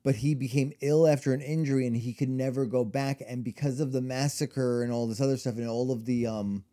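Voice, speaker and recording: Man, podcast co-host, casual chat, rambling, mellow voice. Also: mid-range voice, fairly even intonation, brisk. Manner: rambling, lots of fillers and restarts.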